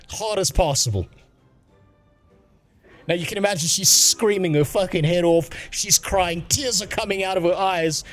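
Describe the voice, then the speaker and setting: A man's voice: high voice, moderate pace, faint music behind. A man doing crude, joking casual gameplay commentary as a streamer.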